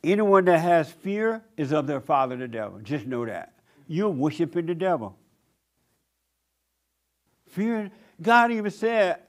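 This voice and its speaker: Blunt preaching man, fairly high voice. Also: very animated, measured pace, pauses often. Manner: blunt, preachy, acts out whiny voices of others. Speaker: pastor. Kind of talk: sermon.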